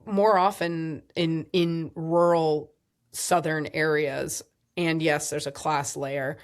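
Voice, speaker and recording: A woman co-hosting a podcast in casual chat, chatty and quick to laugh. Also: low voice, steady tone. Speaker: podcast co-host.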